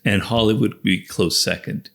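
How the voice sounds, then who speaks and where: American man, low gravelly voice, reflective interview guest, repeats phrases for emphasis. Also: fairly even intonation, normal speed. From United States. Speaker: guest author. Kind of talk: conversational interview.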